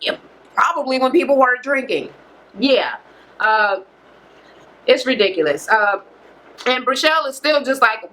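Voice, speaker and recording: A woman vlogger recapping a reality show in a casual, animated rant full of cursing, recorded on a camera microphone. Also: high-pitched, measured pace, long pauses. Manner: profane, animated, heavy cursing.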